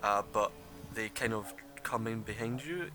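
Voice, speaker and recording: A man's voice: on the low side, normal speed, music in the background. Laughing, rambling male game master. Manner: rambling, laughing, many fillers. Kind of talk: narrating a tabletop game.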